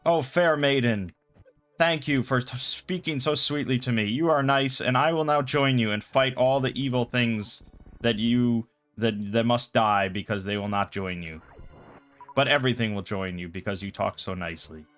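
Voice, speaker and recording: A man's voice: mid-range voice, moderate pace, a bit bright, faint music behind, close to an everyday voice. A man voicing a monster manticore that speaks in a flowery, formal storybook manner. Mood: grandly grateful. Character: flattered male manticore, grandly courteous monster.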